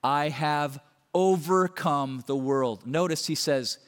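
Man, pastor delivering a sermon; fairly high voice, chatty and self-interrupting, in a large reverberant church hall. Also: takes it slowly. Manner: conversational, self-interrupting, rising emphasis.

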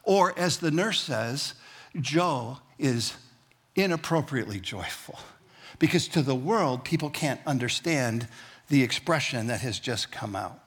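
Male pastor, husky voice, folksy sermon with light jokes and call-and-response. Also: medium pitch, animated, unhurried. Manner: conversational and folksy, with humorous asides; leads the congregation in call-and-response.

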